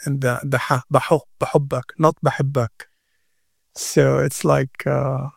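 Slow, gravelly man. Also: medium pitch, darkish tone, no echo, studio quality. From Gaza. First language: Arabic. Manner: halting, repeats words, earnest. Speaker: interview guest. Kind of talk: emotional interview answer.

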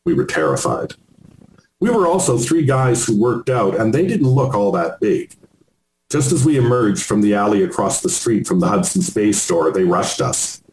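Low-voiced man reading his memoir. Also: animated, normal speed, a little mellow. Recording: roomy with faint noise.

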